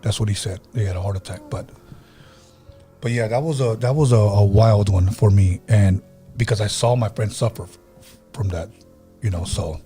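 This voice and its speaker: A paranormal podcast host tells stories in a relaxed way, acting out quoted voices, and opens the phone lines to take listener calls. His voice is fairly low, his speed normal with long pauses, and soft music plays behind him.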